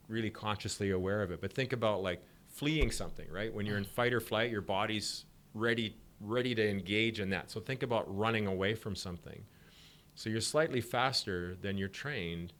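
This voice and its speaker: Low-voiced man explaining mental training. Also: a bit bright. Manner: explanatory, laughs easily, acts out examples. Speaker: sport psychology guest. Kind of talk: podcast interview.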